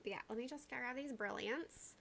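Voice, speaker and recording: A woman chats casually to her livestream viewers, rambling from topic to topic and greeting people by name. Her voice is bright and clear and sits a little high, with plenty of likes and y'alls. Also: moderate pace. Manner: uses y'all and like often. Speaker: livestream host.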